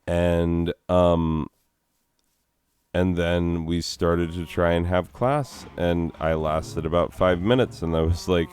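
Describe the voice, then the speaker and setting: A man's voice: low-pitched, steady tone, slow, a little mellow, clean tone. A man, a teacher, musing reflectively in a casual monologue while struggling with grief. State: emotional, grieving.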